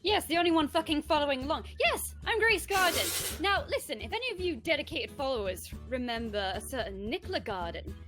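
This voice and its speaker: A woman's voice: high-pitched, big pitch swings, brisk, few pauses, fairly bright tone, faint music behind. A woman voicing a snarky contestant who makes sarcastic asides.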